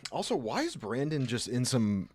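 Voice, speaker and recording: A man's voice: medium pitch, huge pitch swings, moderate pace, darkish tone, no echo. Rambling jokey male streamer. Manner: rambling, jokey, riffing asides. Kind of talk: casual chat.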